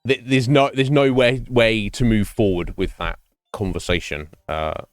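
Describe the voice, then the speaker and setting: Man, streamer, casual chat, rambling, lowish voice, faint music in background. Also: fairly even intonation, unhurried, dry recording. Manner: rambling, musing, lots of fillers and restarts. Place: home streaming setup. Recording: dry close mic, faint game music behind.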